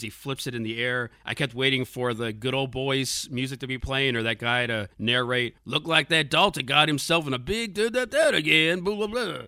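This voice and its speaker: A man's voice: medium pitch, pushed and bright, no echo, clean studio sound. A man hosting a podcast, giving a casual, sarcastic movie review and laughing often. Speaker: podcast host.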